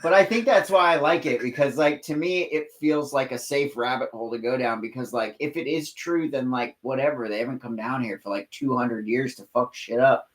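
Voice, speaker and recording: A man's voice: mid-range voice, brisk, few pauses. A man hosting a local talk show, chatting casually, swearing often and saying "like" a lot. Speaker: show host. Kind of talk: casual chat.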